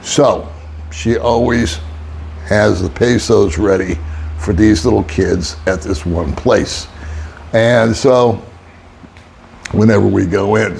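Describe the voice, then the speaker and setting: A man's voice: fairly low pitch, gravelly, a little mellow, a little hiss or hum. An older man, an expat vlogger, telling a rambling, wry story in casual monologue and chuckling often. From United States.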